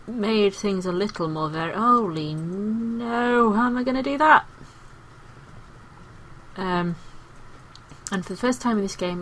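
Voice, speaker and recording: A woman's voice: mid-range voice, a little hiss or hum, rough recording. Chatty woman playing a game. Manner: chatty, exclaiming, playful. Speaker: gaming video host. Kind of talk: casual game commentary.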